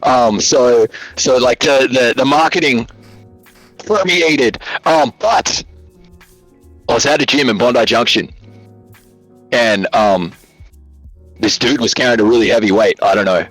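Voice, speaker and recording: A man's voice: medium pitch, a little slow, pauses often, fairly bright tone, no room sound, faint music behind, low-quality recording. A man with an Australian accent, a guest telling rambling, joking stories in a casual interview over a call. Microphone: video call.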